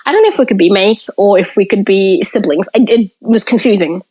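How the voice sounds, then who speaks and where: A woman's voice: mid-range voice, fairly quick, a little mellow, breathy edge, rough recording. A woman, a podcast guest frankly recounting her childhood in the present tense. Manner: candid, frank, tells the story in present tense. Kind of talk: personal storytelling in conversation.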